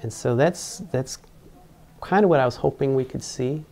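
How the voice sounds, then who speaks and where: A man's voice: mid-range voice, normal speed, darkish tone. A man being interviewed, telling a personal story in a rambling way with many fillers and restarts. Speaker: engineer interviewed about mascot costuming.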